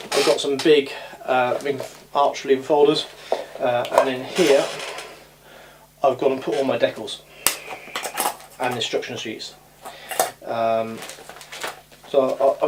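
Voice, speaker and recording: Chatty man, ums and uhs. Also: medium pitch. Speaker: scale model hobby vlogger. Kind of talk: casual rambling vlog. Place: home hobby room. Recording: audible background noise.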